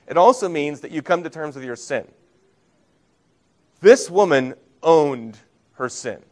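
A man preaching a sermon as a pastor, earnest, rising for emphasis and dropping to soft, low phrases. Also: lively intonation, unhurried.

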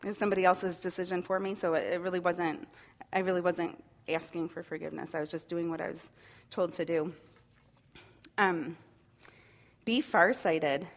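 A woman leading a church small group, teaching in a reflective, gently encouraging way with frequent restarts. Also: lowish voice, steady tone, normal speed, long pauses. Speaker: women's ministry teacher.

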